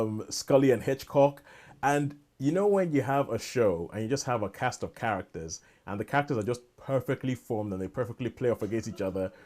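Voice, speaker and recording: A man's voice: medium pitch, warm tone. A man co-hosting a casual podcast chat, rambling and enthusiastic, often restarting his sentences. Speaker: podcast co-host.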